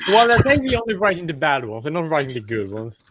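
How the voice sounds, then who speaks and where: A man's voice: a little high, big pitch swings, quick pace, fairly bright tone. A man joking provocatively in a casual group chat.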